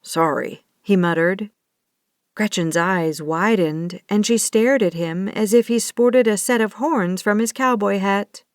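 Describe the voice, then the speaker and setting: An audiobook narrator, a woman, reads scripted text slowly and deliberately in a medium pitch. The recording is dry with clean studio sound.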